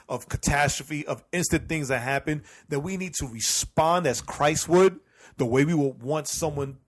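Give me a male co-host of a faith podcast. He has a middle-range voice and keeps dropping "right?" into his sentences. He circles and repeats himself as he reflects aloud. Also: medium pitch. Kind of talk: casual faith discussion.

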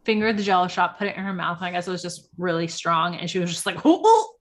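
A woman's voice: on the low side, steady tone, quick pace, fairly bright tone, a little hiss or hum. Chatty young woman gossiping. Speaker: podcast co-host. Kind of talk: casual chat recapping reality TV.

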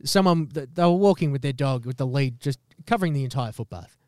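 A man's voice: medium pitch, lively intonation, quick pace, darkish tone, no echo, studio quality. A man co-hosting a podcast, delivering an exaggerated, profane comedic rant with bursts of laughter. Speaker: podcast co-host.

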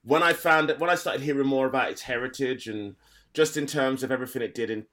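Speaking fast in a medium-pitched, slightly bright voice, this Black Country comic talks loosely on a podcast. He keeps starting over mid-thought and laughing as he rambles on.

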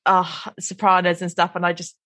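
Woman, podcast co-host, lower voice, easygoing, dry close mic. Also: monotone, brisk, pushed and bright, no echo. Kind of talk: casual chat.

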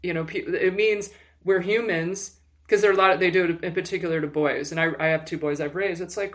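A woman guest in an interview, telling personal stories in an animated way with lots of fillers and restarts. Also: fairly low pitch, a little fast, hardly any pauses. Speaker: guest, music publicist. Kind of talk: candid personal storytelling.

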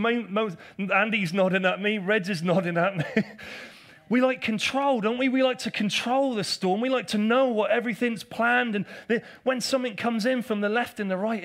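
A man with a fairly high, ringing voice preaches from the front of a church. He drills his key lines over and over, asks the congregation to answer back, and teases the people in the pews. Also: a bit bright. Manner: emphatic and repetitive, drilling key phrases; addresses the congregation directly, calls for responses and teases members. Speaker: pastor. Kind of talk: preaching a live sermon.

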